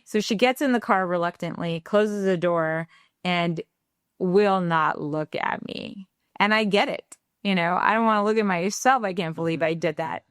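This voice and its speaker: Candid parenting podcast co-host, female; animated storyteller with a smooth, clear voice. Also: fairly low pitch, normal speed, no echo, studio quality. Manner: animated, acts out quoted dialogue; reflective and candid. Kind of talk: conversational storytelling.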